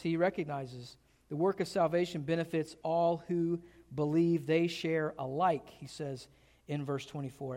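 A man with a fairly high voice preaches a sermon. He asks his listeners rhetorical questions and leans hard into his key words. His voice rings out with a long reverb, as in a large church hall. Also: fairly even intonation, unhurried, warm tone. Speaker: pastor.

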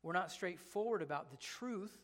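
Emphatic high-voiced man preaching in a hall. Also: lively intonation, normal speed, fairly bright tone. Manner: emphatic, conversational preaching with rhetorical questions. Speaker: pastor. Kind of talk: sermon. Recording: long hall reverb.

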